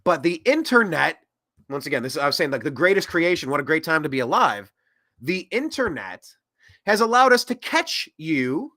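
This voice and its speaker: Male host, 30s, sarcastic rambling commentator, animated high-ish voice. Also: moderate pace. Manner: rambling and sarcastic, with mocking put-on quotes. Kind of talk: opinionated political commentary.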